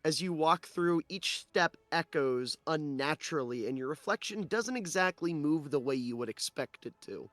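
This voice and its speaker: A man's voice: on the high side, animated, fairly bright tone, dry recording. A man running a tabletop role-playing game as game master, narrating scenes and talking with his players. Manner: descriptive, slowing for dramatic narration.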